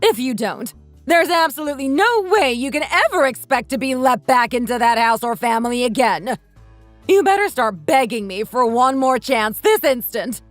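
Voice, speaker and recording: A woman's voice: high voice, expressive, normal speed, no echo, faint music behind. A woman voicing a domineering mother-in-law in her sixties who scolds with contempt in a texting-story drama. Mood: indignant. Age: 60s.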